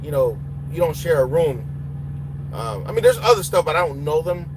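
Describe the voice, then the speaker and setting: Over heavy road and engine noise, this young male truck driver and trainer from Honduras sounds animated, his voice on the high side and his pace moderate. With a Honduran Spanish accent, he reads viewer questions from the chat during a live session and answers them in a casual, blunt manner, going back and forth between English and Spanish.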